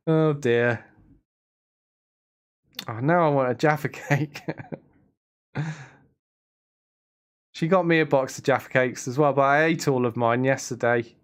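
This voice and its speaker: A man's voice: mid-range voice, slow pace, pauses often, clean tone. A young man chatting casually on a live stream, rambling and answering his chat. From England.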